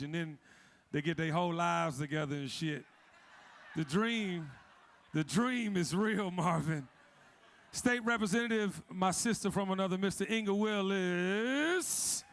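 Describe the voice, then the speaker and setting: Emcee: joking man, high gravelly voice, live event roll call. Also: a bit bright. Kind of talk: live event shout-outs. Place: event hall with audience.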